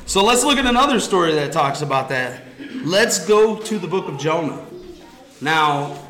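A man with a fairly high voice teaches a Bible study, retelling the stories in a casual, lively way for a small group. The room is echoey.

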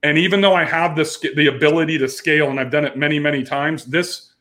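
A man's voice: fairly high pitch, fairly even intonation, fast talker, a bit bright. A man in his forties, a business owner telling his story frankly in an interview, with frequent restarts. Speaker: entrepreneur guest.

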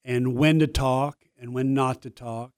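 A man's voice: medium pitch, steady tone, measured pace, no room sound. An older man, a studio interview guest telling stories in a humble, self-deprecating way. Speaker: guest, former player and broadcaster. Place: radio studio.

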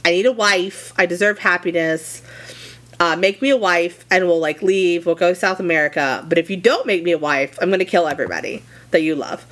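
A woman's voice: on the low side, brisk, fairly bright tone, close to an everyday voice. A woman putting on a bitter, blunt Frankenstein's creature. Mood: demanding. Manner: blunt, offhand, profane. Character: Frankenstein's huge male creature, bitter and resentful.

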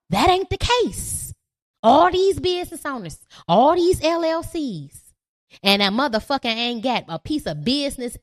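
A young woman hosting a podcast, ranting in a profane, rowdy, preachy way. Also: a little high. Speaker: podcast host. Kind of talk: ranting monologue.

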